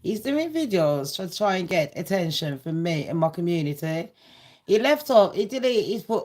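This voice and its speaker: A woman's voice: on the low side, very animated, moderate pace, darkish tone. Woman ranting on her gossip vlog, sweary and sarcastic, scornful. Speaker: gossip vlogger. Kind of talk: ranting casual monologue.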